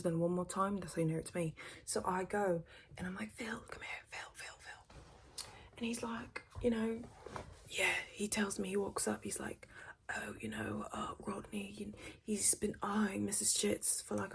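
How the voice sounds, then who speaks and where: British girl, whispered role-play gossip, fast and close to the mic, a bit of fry in her voice. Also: mid-range voice, a little hiss or hum. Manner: fast gossipy storytelling, drifting between whisper and soft voice. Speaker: ASMR creator.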